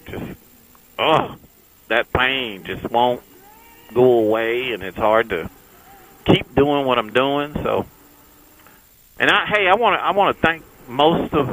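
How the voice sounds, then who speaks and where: A man's voice: medium pitch, a bit bright, a little hiss or hum, poor audio. A man, a motorcycle vlogger talking casually to viewers while riding his bike on the freeway, folksy and chatty. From Texas. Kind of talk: casual riding vlog chat.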